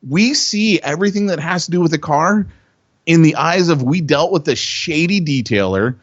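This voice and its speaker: A man co-hosting a podcast, telling stories in an excitable way, repeating himself and loudly acting out what people said. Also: a little high, moderate pace, no room sound, dull audio. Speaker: podcast co-host. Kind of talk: animated storytelling chat.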